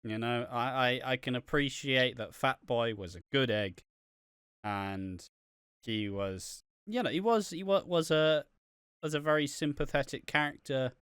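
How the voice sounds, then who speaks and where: A man's voice: medium pitch, a little slow, fairly bright tone, clear, resonant tone, dry recording, clean studio sound. A man co-hosting a podcast, rambling and swearing as he chats and often laughs. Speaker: podcast co-host reviewing a soap. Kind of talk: casual podcast chat.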